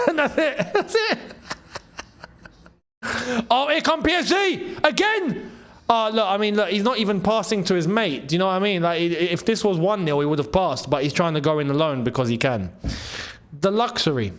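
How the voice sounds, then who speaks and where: A young man hosting a casual live football watchalong, excitable and bantering, laughing often. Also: sits high, normal speed. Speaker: football channel host.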